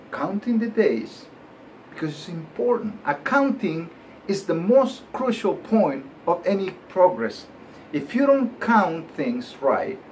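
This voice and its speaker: A man's voice: mid-range voice, a little hiss or hum. A man with a bilingual Spanish-English accent, hosting his show and giving a preachy motivational talk that keeps asking "right?" and breaks into laughs. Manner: animated, preachy, laughs often, asks "right?". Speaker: show host.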